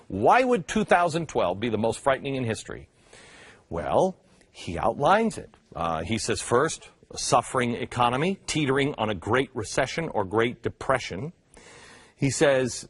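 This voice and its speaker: A man hosting a talk show, delivering opinion commentary with sarcastic, mocking asides and jumps in pitch. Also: sing-song, moderate pace, breathy edge, no room sound.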